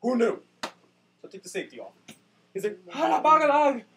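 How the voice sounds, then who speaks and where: A high-voiced young man rattles through a comic rant at a quick clip and breaks into sarcastic shouts. He sits away from the camera mic, and a faint hiss runs under his voice. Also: big pitch swings. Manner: ranting, shouting bursts, sarcastic. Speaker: storyteller. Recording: distant mic with faint noise.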